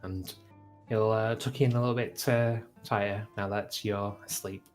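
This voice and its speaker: A man narrating as game master in a tabletop game, relaxed with many fillers. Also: fairly low pitch, moderate pace, soft background music.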